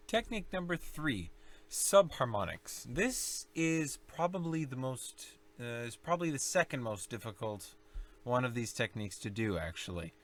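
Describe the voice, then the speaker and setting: A young man explaining low singing techniques in a casual tutorial, rambling and self-correcting as he demonstrates growls and vocal fry. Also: very animated, normal speed, background noise. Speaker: singing teacher.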